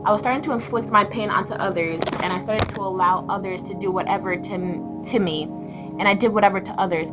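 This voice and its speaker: Young woman, confessional vlogger, raw and blunt, medium voice, music bed behind. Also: mid-range voice. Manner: emotional, blunt, swearing, swings between raw and flat. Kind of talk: personal confessional storytelling.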